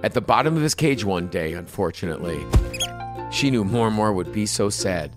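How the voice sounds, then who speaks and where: A man's voice: on the low side, normal speed, over music. A man co-hosting a podcast, reading listener stories aloud with playful, joking asides. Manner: playful, joking, lively delivery. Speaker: podcast co-host. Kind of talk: casual comedic chat, reading listener stories.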